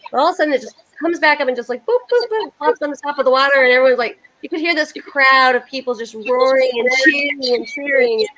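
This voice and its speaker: Lively high-voiced woman chatting. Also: fast, few pauses, slight background noise, rough recording. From United States. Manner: animated storyteller, laughs often. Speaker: host. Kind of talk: casual chat.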